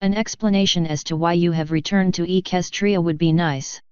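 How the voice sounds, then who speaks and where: A woman's voice: on the low side, steady tone, normal speed, clear, resonant tone, no room sound, muffled recording, close to an everyday voice. A woman voicing a cold, formal princess ruler in a fan fiction audiobook.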